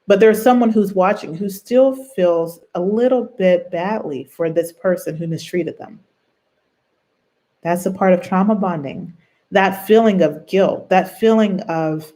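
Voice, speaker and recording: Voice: medium pitch, a little slow, dark tone. A show host giving earnest, reflective advice on trauma bonds in a conversational way, drawing on personal experience and often checking in with the listener. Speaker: host of a healing and self-help show.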